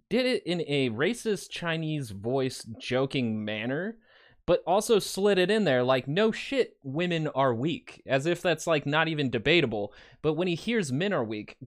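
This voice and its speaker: A man giving sarcastic reaction commentary, laughing now and then. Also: fairly high pitch. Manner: sarcastic, chuckling. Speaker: commentary host.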